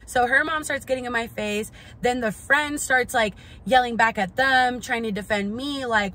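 A woman's voice: fairly high pitch, normal speed, hardly any pauses. A young woman vlogger telling a storytime in casual, profane speech, full of "like". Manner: profane, animated, lots of "like".

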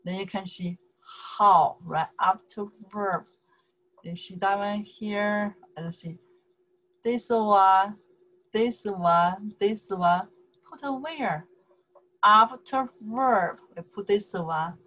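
Slow-paced Chinese woman teaching. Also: medium pitch, a bit bright. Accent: Mandarin Chinese. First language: Mandarin Chinese. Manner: patient, repeats "okay?" and drills phrases slowly. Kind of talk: online language lesson.

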